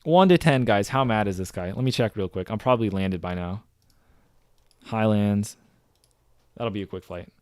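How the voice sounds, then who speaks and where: A man casually commenting on his own game footage for viewers, chatty and excitable, often talking straight to the audience. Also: lowish voice, moderate pace, pauses often, clear, resonant tone, dry recording, studio quality. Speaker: gaming streamer reviewing his own clips.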